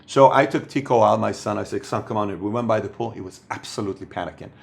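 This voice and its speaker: Man as host coaching entrepreneurs, emphatic, repeats himself, goes quiet and low for stories. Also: fast, vocal fry. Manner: emphatic, repeats phrases for stress. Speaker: host giving business advice. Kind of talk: motivational talk to camera.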